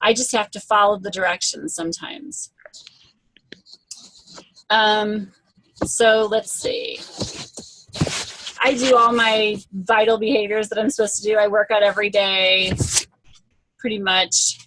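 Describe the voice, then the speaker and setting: Woman, guest speaker, motivational talk, earnest storytelling, mid-pitched, dry close sound. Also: steady tone, unhurried, long pauses, fairly bright tone, no echo, rough recording. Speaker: guest speaker and fitness coach.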